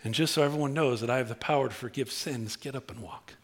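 A man preaching a sermon, swinging from low, intimate tones to high, excited outbursts. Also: quick pace. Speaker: pastor.

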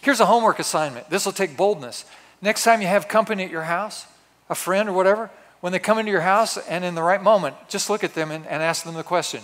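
A man preaching in a large, echoing hall, his long reverb trailing behind every line. He tells his story dramatically, dropping to hushed asides and then bursting into loud exclamations. His voice sits a touch high for a man. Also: lively intonation, fast. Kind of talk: storytelling sermon.

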